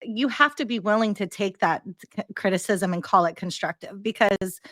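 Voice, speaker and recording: A woman hosts a casual conversation, her voice landing at a medium pitch and recorded dry and close, with no room sound. She talks in a bubbly, engaging way, encouraging her guest and often tucking "you know" into her sentences. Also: normal speed, a bit bright, no room sound. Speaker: podcast host.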